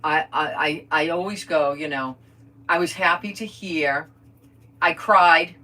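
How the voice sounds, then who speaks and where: A woman's voice: on the low side, unhurried, sharp tone. An older woman chatting casually while she crafts on a livestream, rambling about family news and greeting viewers by name. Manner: chatty, rambling, reads viewer comments aloud.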